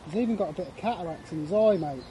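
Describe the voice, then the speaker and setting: A man, telling an excitable and rambling fishing story in a casual interview, full of "like" and "mate". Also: on the high side, rapid-fire, a little hiss or hum. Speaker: carp angler recounting a catch.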